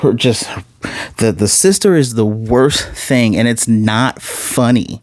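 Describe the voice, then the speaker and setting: A man's voice: mid-range voice, slow, no room sound. A man with a Midwestern accent giving a casual spoken TV review, blunt and rambling, full of asides and self-corrections.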